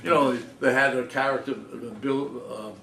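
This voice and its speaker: An older man telling anecdotes to an audience in a small cafe, animated and often laughing, mimicking other people's voices. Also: mid-range voice, a little slow, gravelly. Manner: animated, laughing storyteller, mimics his father's voice. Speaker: author giving a talk. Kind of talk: anecdotal storytelling talk. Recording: roomy, distant mic, noisy.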